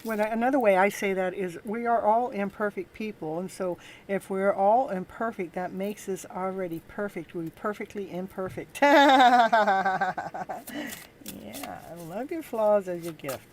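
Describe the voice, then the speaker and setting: A woman hosting a live tarot reading, talking in a gentle, encouraging and halting way to her viewers. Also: medium pitch, a little hiss or hum. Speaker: tarot reader and show host.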